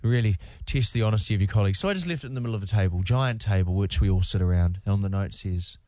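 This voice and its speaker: A man's voice: fairly low pitch, rapid-fire, hardly any pauses, mellow, dry recording. A man with a New Zealand accent hosting a radio show, bantering and teasing his co-hosts. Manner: teasing, joking. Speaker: radio host.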